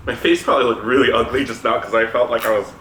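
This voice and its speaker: A man's voice: medium pitch, fairly even intonation, fast, a bit bright. A man co-hosting a mukbang at home, chatting casually and giggling while he eats, rambling with lots of "like". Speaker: co-host of a home mukbang channel. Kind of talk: casual chat while eating. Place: at home, at the dinner table. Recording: echoey room with background noise.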